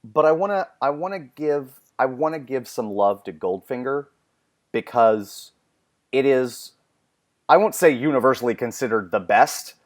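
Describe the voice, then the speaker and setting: A man co-hosting a podcast in casual movie chat, measured and agreeable, reading out quiz choices. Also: medium pitch, lively intonation. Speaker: podcast co-host.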